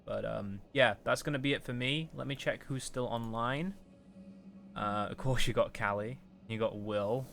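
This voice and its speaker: Excitable young man streaming a game. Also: moderate pace, vocal fry. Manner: excitable, voice jumps high and loud when tense; rambling, chatty sign-off to chat. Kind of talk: live gameplay commentary.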